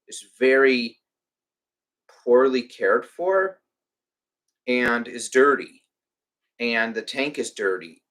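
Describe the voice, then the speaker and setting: A man's voice: medium pitch, fairly bright tone. Rambling man ranting on a live stream. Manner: ranting, with filler words and restarts. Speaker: reptile rescue streamer. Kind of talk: casual live-stream chat.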